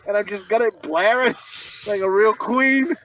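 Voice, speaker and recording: A man with a high, bright voice that swings up and down a lot, cohosting a casual podcast. He rambles through stories and teases his friends with crude, swear-filled jokes. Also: moderate pace, slight background noise, poor audio. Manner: crude, profane joking and teasing; rambling storyteller. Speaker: podcast co-host. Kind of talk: casual chat.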